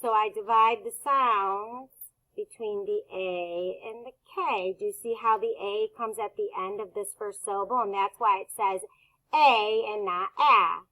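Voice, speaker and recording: A woman teaching a phonics lesson to children, speaking slowly and patiently as she sounds out words. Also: medium pitch, sharp tone, low-quality recording.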